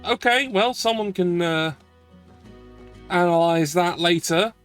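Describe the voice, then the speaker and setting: High-voiced man rambling over gameplay. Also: slow pace, fairly bright tone, faint music behind. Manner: rambling, chatty and self-deprecating. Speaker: streamer. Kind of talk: casual gameplay commentary.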